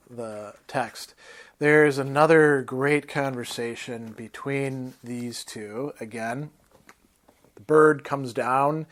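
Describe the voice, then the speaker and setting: A male philosophy lecturer talks through a novel in an unhurried, explanatory way. He pauses often and adds small fillers as he works through each point. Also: mid-range voice.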